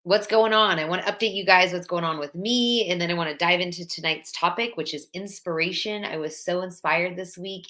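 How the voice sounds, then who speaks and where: Low-voiced woman hosting a chatty livestream. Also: bright, forceful tone. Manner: chatty, heartfelt, greets viewers by name. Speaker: livestream host. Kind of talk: casual live-stream chat.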